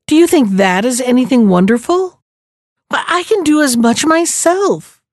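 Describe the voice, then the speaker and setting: A woman's voice: sits high, lively intonation, a little slow, dry recording, studio quality, voice pushed up. A woman voicing a proud, scornful bride who boasts in a fairy tale.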